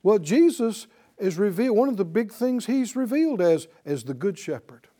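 His voice sits high and moves at a moderate pace as he preaches to a live audience. Animated, he keeps asking the listeners questions to draw out call-and-response replies.

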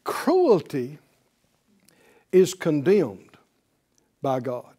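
A man's voice: fairly high pitch, huge pitch swings, drawn-out words, mellow, husky. A man preaching a sermon, emphatic, often asking the congregation questions.

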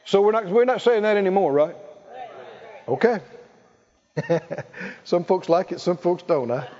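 A man's voice: high voice, expressive, measured pace, dark tone, long reverb tail. A man preaching a sermon, leading the congregation in call-and-response and laughing between points. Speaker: pastor. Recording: muffled church recording.

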